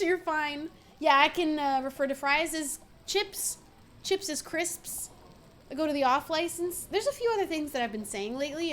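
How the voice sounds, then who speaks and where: High-voiced chatty American woman streamer. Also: a bit bright, slight background noise. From United States. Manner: chatty and playful, laughs often. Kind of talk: casual gaming stream chat.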